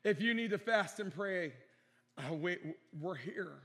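A man's voice: high voice, expressive, unhurried, a bit bright. A male pastor preaching earnestly, repeating phrases for emphasis and calling out for amens. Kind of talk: sermon. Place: church sanctuary. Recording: long hall reverb in a church.

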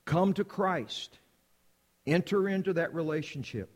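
A man's voice: fairly high pitch, measured pace, in a large hall. A man from the United States preaching a sermon as a missionary, with an emphatic, repetitive cadence.

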